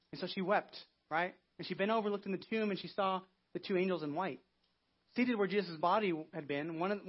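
Casual pastor, male, high husky voice, chatty delivery, dull lo-fi church recording. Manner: conversational, acting out biblical quotes. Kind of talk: Easter sermon.

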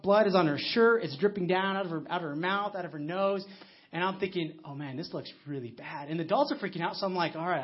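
A man in his thirties preaching a conversational sermon, telling stories with frequent restarts, recorded with a muffled lo-fi sound. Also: high voice. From United States. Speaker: pastor.

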